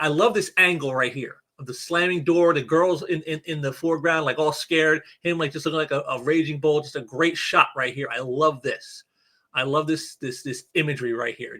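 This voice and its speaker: A man's voice: fairly high pitch, pushed and bright. A man hosting a casual comic book review, rambling with many fillers and restarts and reading comic dialogue aloud. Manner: reads comic dialogue aloud in a lightly acted voice.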